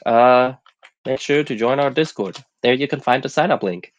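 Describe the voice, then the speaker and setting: A man hosting a casual stream chat while sick, relaxed and halting with many fillers. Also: medium pitch, no room sound. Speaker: host.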